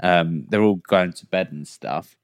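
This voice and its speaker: A young man co-hosting a podcast, telling stories in a rambling, halting way. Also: sits low, no room sound. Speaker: podcast co-host. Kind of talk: casual chat.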